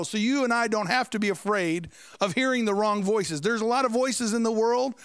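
High, clear-voiced preacher man. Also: a little fast, no room sound. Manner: storytelling with asides to the congregation. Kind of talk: sermon storytelling.

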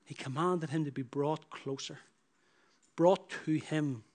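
A man preaching with a fairly high voice, driving his points home in repeated, swelling phrases. His delivery shifts between hushed, slowed lines and loud bursts. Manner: emphatic, repetitive preaching with rising bursts. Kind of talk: sermon.

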